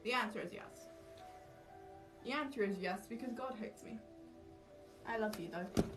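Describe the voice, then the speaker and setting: This cosplay livestreamer is a young woman with a fairly high voice and a moderate pace, chatting casually to her audience in a self-mocking, easily sidetracked way. The mic is distant, with background music playing behind her.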